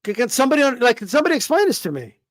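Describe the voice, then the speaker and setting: With a very high-pitched voice that swings widely, the live-stream boxing commentator talks rapid-fire without echo. He swears, repeats himself, and fires off rhetorical questions in an opinionated rant.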